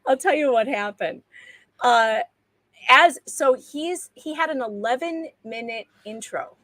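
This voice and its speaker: A woman's voice: high-pitched, expressive, unhurried, fairly bright tone, no room sound, rough recording. A woman chatting as a guest on a livestream, self-deprecating and laughing often. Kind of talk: casual livestream chat.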